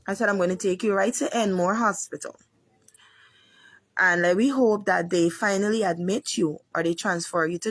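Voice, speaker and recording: A Guyanese woman, a mother, tells an emotional story and keeps circling back to the key moments. Her voice is husky and a little breathy, and it sounds close and dry, with no room around it. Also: lowish voice, no room sound. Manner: pleading, repetitive retelling. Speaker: mother of a sick patient. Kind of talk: emotional personal account.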